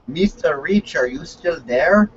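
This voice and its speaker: A man's voice: fairly high pitch, lively intonation, takes it slowly. A man co-hosting a comedy chat, loose and joking, swearing freely. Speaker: podcast co-host. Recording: dull lo-fi audio with faint hiss.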